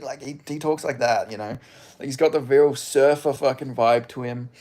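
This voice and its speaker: A man's voice: mid-range voice, brisk, a little mellow. A young Australian man streaming, chatting casually with viewers in a sweary, rambling way. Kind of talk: casual live-stream chat.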